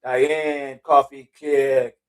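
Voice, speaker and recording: A man's voice: medium pitch, little pitch movement, very slow. A middle-aged man hosting a casual livestream, reading out viewer chat and rambling off on tangents, laughing and swearing casually. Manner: rambling, loses his train of thought, laughs and swears casually.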